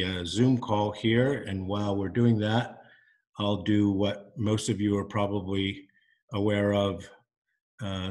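Low-voiced man hosting a webinar. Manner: relaxed and halting, many fillers. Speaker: webinar host. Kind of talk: hosting a Zoom investor webinar.

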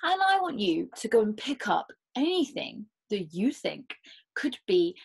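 A woman storyteller leading children through playful movement games, with animated exclamations and gasps. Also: medium pitch, measured pace, vocal fry, slightly rough.

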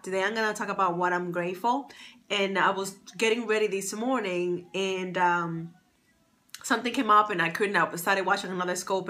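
Woman, casual live-stream host, bright tone, chatty and upbeat, welcomes viewers by name. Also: medium pitch. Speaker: livestream host, fashion stylist and confidence coach. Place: at home near Boston. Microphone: phone.

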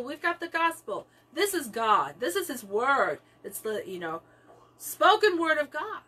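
A woman's voice: high voice, bright, forceful tone. A woman leading a Bible study, teaching with emphatic repetition of key phrases.

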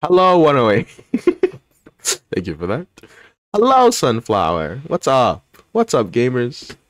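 A man's voice: mid-range voice, wildly swooping pitch, slow, dry recording. A man chatting casually with viewers on his live stream, joking and swearing freely.

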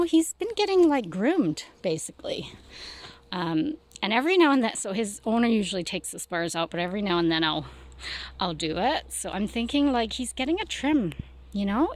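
A woman dog walker from Canada, chatting casually and a bit out of breath while hiking outdoors, rambling and joking about herself. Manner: rambling, self-deprecating, praising dogs in a high sing-song voice. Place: outdoors in a park.

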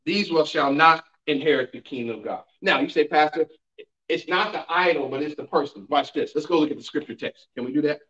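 High-voiced pastor preaching in an echoey church. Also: male voice, a little fast, pushed and bright. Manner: emphatic, asks the congregation rhetorical questions. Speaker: pastor teaching a Bible class. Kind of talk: teaching sermon with call-and-response. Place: church sanctuary. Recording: roomy, dull sound from a distant mic.

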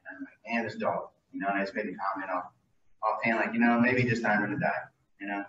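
A man's voice: on the low side, fairly even intonation, quick pace, a bit bright. A middle-aged man giving an informal devotional talk before communion, rambling and conversational with many fillers and restarts. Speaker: lay speaker leading communion. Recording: distant, muffled mic in an echoey room.

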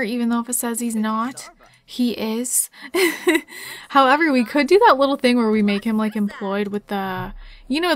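A woman casually commentating her life-simulation game, chatty and giggly, talking straight to her viewers. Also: a little high. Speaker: gaming YouTuber.

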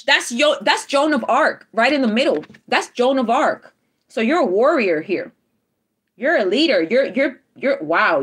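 A woman's voice: a little high, a bit bright. Emphatic woman giving a live tarot reading. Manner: emphatic, repeats affirmations, checks in with "all right?". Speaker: tarot reader.

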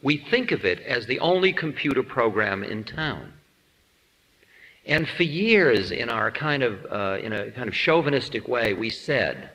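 Lively, bright-voiced man giving a spiritual talk. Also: mid-range voice, measured pace. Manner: playful, acts out voices in anecdotes. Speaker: spiritual teacher. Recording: long hall reverb.

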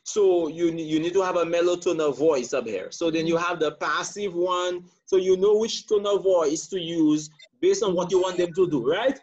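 High-voiced man leading a call training. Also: moderate pace, few pauses, darkish tone, dull audio. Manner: asks questions and affirms with frequent mm-hmms. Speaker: prophet leading a church training course. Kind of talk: training session over a call.

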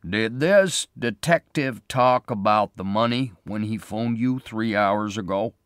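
A man playing a patient small-town sheriff who asks questions in a measured way. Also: lowish voice, fairly bright tone, smooth, dry recording, clean studio sound. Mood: questioning.

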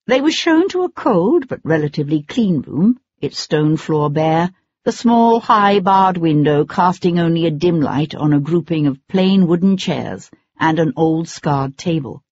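On a dull lo-fi recording, an audiobook narrator reads in a measured, dramatic way. The voice is mid-range and animated, with a darkish tone.

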